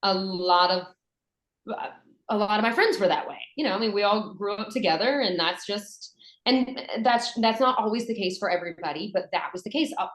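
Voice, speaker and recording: Chatty Southern woman in an echoey room. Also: mid-range voice. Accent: Western North Carolina Southern, softened. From Western North Carolina, USA. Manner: chatty, animated, with fillers and restarts. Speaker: voice actress and dialect coach. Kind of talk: conversational interview.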